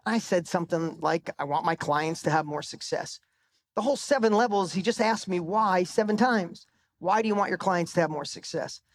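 A middle-aged motivational speaker talks at normal speed in a high-sitting voice, live on stage into a microphone. He tells a personal story with emphatic swearing, his voice climbing for the punchlines.

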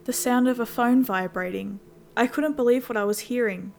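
A woman narrating a first-person horror story in a steady storytelling voice. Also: on the high side, moderate pace, creaky. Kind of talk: scripted scary story narration.

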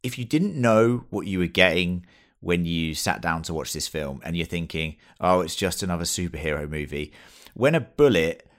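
A man's voice: sits low, expressive, normal speed, a bit bright. A man co-hosting a casual film review chat, enthusiastic and swearing freely as he acts out lines. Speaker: podcast co-host.

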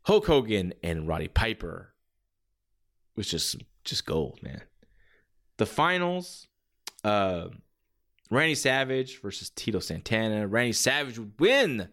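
A man's voice: mid-range voice, fairly bright tone. A man hosting a podcast, talking casually and enthusiastically, rambling and acting out bits as he goes. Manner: rambling, enthusiastic, acts out quotes. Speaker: podcast host.

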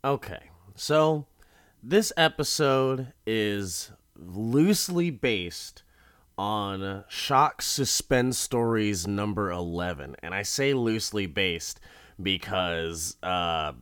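Slow, profane, exasperated show reviewer. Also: deep voice, expressive, fairly bright tone, smooth. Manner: halting, with many restarts. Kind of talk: casual monologue review.

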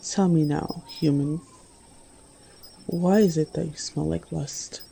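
A woman's voice: low voice, steady tone, gravelly, mellow, a little hiss or hum, exaggerated voice. Lord Shishomaru, a cold demon lord, read by a woman. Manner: cold, measured, commanding. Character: cold, beautiful male demon lord, calm and predatory.

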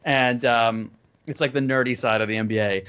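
A man's voice: medium pitch, fairly even intonation, moderate pace, fairly bright tone, smooth, muffled recording. A man in his thirties from New Jersey, a podcast guest telling stories in a loose, rambling way full of fillers. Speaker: podcast guest, cartoon creator. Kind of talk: casual storytelling.

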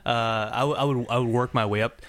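A man's voice: medium pitch, steady tone, fairly bright tone, no echo. A man co-hosting a podcast, recapping a TV episode in casual chat with lots of fillers, restarts and laughter. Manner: halting, many fillers, laughs often. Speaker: podcast co-host.

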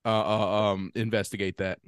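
A man's voice: lowish voice, level tone, moderate pace, smooth, no echo, clean studio sound. A man co-hosting a podcast, tossing in conspiratorial jokes and stammering asides in casual chat. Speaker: podcast co-host.

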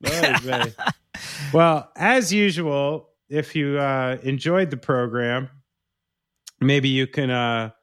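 A man's voice: medium pitch, slow, a bit bright, smooth, dry recording, studio quality. A man hosting a podcast, chatting casually in a playful, teasing way. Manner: playful, teasing, mock-sultry. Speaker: podcast host. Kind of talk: casual chat.

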